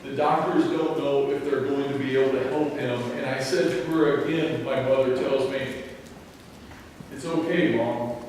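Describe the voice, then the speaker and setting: A male pastor giving a sermon, telling a personal story in an earnest, deliberate way. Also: mid-range voice, steady tone, a little mellow, slight background noise. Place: church sanctuary. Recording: echoey sanctuary, mic at a distance.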